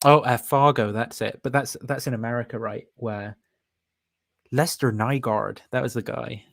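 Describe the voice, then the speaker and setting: In a dry recording, a man with a steady, mid-range voice and vocal fry speaks at a normal speed. He's hosting a casual livestream, thinking out loud in a rambling way, dropping frequent fillers and self-amused laughs.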